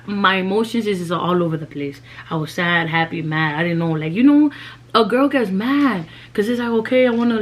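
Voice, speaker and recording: A young woman, telling a personal story in a casual, slangy vlog and dropping in Spanish phrases. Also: mid-range voice.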